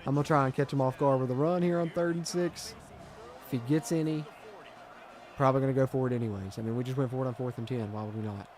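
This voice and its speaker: Streaming a football video game, a man reads his viewers' comments and swings from frustration to hype. He's a fast talker whose medium-pitched voice stays steady and a little mellow.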